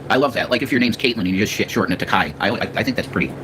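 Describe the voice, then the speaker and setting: A man's voice: on the low side, racing, background noise. A man from Northeastern Pennsylvania with a Pennsylvanian accent, chatting casually and swearing freely on a livestream. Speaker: co-host.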